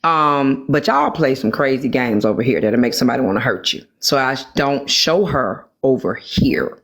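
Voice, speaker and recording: A woman on a live stream talking candidly about her own experience, rambling with many pauses and restarts. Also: very deep voice, animated, fairly bright tone, husky. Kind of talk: personal storytelling in a live chat.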